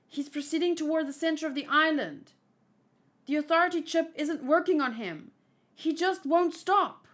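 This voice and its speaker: A woman voicing a panicked male soldier, reporting urgently and loudly while reading a comic aloud. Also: high voice, moderate pace, pitched above the performer's own voice. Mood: alarmed. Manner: urgent, alarmed, loud.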